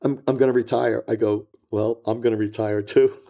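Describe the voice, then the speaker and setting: A retired DEA agent tells stories as a guest in a relaxed interview, rambling and repeating himself, speaking bluntly, and acting out quoted voices. He has a steady, mellow, mid-range voice with vocal fry, at normal speed.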